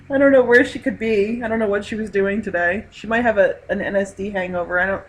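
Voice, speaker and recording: Casting note: woman host, bright clear voice, chatty and laughing, live stream chat. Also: mid-range voice, steady tone, brisk, poor audio. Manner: chatty, laughs often, reads chat aloud.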